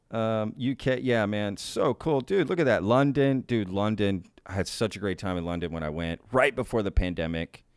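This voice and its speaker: An upbeat man hosting a casual live stream, greeting viewers and laughing easily. His voice sits fairly low and comes across smooth and clear. The sound is dry and close to the mic. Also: no echo. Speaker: podcast host reading live chat.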